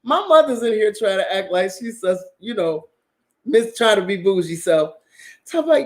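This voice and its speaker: A woman, casually telling a story to her channel, profane and animated and often laughing. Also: mid-range voice, moderate pace. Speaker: channel host.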